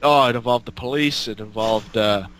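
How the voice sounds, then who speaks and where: A man's voice: medium pitch, normal speed, crowd noise. A man telling a long, rambling road story in casual chat, swearing and laughing as he goes. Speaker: storyteller guest.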